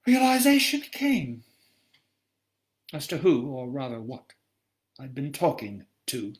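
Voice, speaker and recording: Slow, measured male author reading aloud. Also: mid-range voice, darkish tone. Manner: measured first-person storytelling. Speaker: author reading his own novel.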